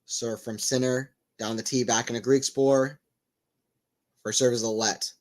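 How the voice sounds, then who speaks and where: A man's voice: mid-range voice, steady tone, a little slow. A man giving casual live play-by-play tennis commentary, chatting and rambling between rallies and lifting his voice on big points.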